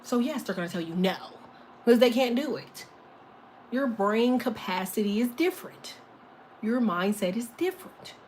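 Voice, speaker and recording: Sassy high-voiced woman tarot reader. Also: a little mellow, a little hiss or hum. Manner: sassy, playful, laughing often; slips into silly voices for imagined people. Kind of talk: casual tarot live stream.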